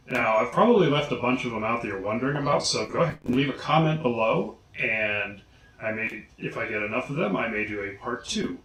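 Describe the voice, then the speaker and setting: A man's voice: medium pitch, bright, forceful tone. Man carefully sounding out names, echoey room. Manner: slow, deliberate enunciation of names. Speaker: vlogger. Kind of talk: casual pronunciation guide.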